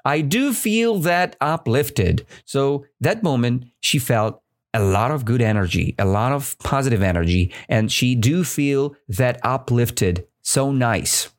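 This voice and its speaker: A man's voice: mid-range voice, expressive, unhurried. A man teaching English who walks learners through a story, often checking in with "right?". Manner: repeats words and checks in with "right?".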